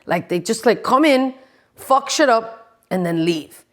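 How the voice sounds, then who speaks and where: A woman's voice: a little high, animated, unhurried. A woman in her forties hosting a podcast, ranting casually with lots of swearing and sarcasm. She talks straight to her listeners and often drops into stage whispers. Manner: profane and exasperated, dropping into stage whispers; sarcastic, addresses the audience directly. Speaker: podcast host.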